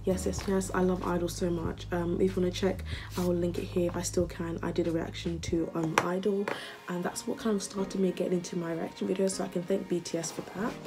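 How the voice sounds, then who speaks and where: Woman vlogger rambling excitedly, lowish voice, music going behind her. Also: fairly quick. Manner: chatty, gushing fan. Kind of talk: casual chat.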